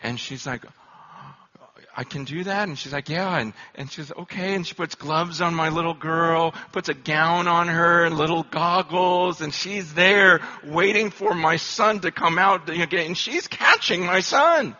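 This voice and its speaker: A man's voice: a little high, a little slow, few pauses, pushed and bright. A man in his forties preaching at a conference, telling stories in a conversational, self-deprecating way that builds to impassioned urgency. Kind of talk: conference sermon. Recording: dull lo-fi conference recording.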